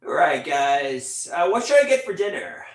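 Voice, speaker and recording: Male livestream host, rambling and chatty, lively up-and-down pitch, heard from across a roomy space. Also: normal speed. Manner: rambling, reads out viewer comments. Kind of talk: casual livestream chat. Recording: echoey room, distant mic.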